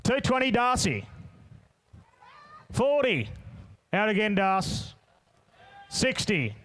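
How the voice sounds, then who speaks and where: A man runs a horse auction in a quick rolling chant. His voice sits high and sounds smooth and crisp. He calls out bidders by name and dares them to go higher. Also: very animated, fairly bright tone. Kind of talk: rapid bloodstock auction chant. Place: sale ring.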